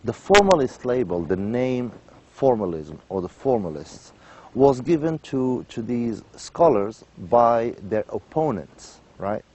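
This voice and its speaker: A man giving a university lecture. He repeats key points, checks in with "right?" and pauses often on "um" and "uh". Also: mid-range voice, expressive, mellow, a little hiss or hum, rough recording. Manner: many "um" and "uh" pauses. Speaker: literature lecturer.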